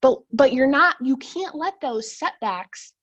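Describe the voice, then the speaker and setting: A young woman with a fairly high voice gives a blunt, animated motivational talk over a video call. She rambles and circles back with plenty of fillers, then hits her points hard and straight. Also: a little slow, muffled recording. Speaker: sales team leader.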